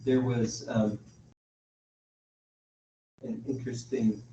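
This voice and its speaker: A male lecturer talks slowly to his class, pausing often as he thinks aloud. He is picked up from across an echoey classroom on a dull, distant mic, with a faint hum of room noise. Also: medium pitch, level tone, warm tone. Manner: halting, thinking aloud with frequent pauses. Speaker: university lecturer.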